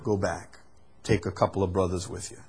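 A man's voice: sits low, flat delivery, a little fast, darkish tone, husky. A male pastor preaching a sermon, earnest, repeating words as he explains scripture. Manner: earnest, repeats words, acts out quoted apologies.

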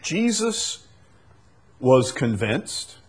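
Husky-voiced preacher, slow and dramatic. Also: male voice, sing-song. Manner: swings from loud emphatic peaks to soft low drops, stretches key words. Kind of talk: sermon.

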